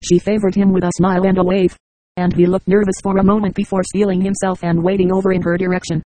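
Flat synthetic audiobook narrator. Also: medium pitch, fast, no echo, low-quality recording. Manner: reads symbols aloud literally. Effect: text-to-speech voice.

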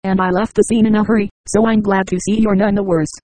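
A synthetic text-to-speech narrator voicing a nervous teenage boy who works as a secret agent, speaking in a hushed, chatty way. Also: medium pitch, flat delivery, fast, no echo, lightly acted, poor audio. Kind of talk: audiobook dialogue.

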